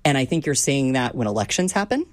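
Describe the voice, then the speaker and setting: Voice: mid-range voice, big pitch swings, fast, no echo, studio quality. A guest community organizer speaking in an upbeat, affirming way, often adding "right?". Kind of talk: talk-show discussion.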